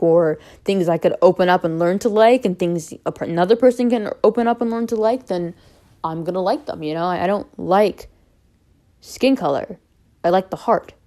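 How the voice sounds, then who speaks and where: A young woman's fairly low, warm voice speaks unscripted to her camera. She rambles with frequent fillers and loses her thread at times, but stays candid and open about personal matters. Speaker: vlogger.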